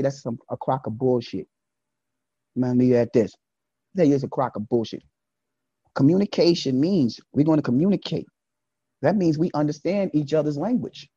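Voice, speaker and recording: A man delivering a casual, preachy monologue straight at his listeners, swinging between loud emphatic bursts and low asides. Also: brisk, long pauses, breathy edge, no echo, muffled recording. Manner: preachy, speaks to listeners directly.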